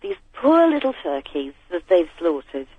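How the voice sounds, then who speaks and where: A woman's voice: lowish voice, big pitch swings, moderate pace, slightly rough, dry recording. A woman calling in to a radio show, chatting in a rambling, giggly way over the phone. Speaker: caller. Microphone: telephone. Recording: muffled phone line.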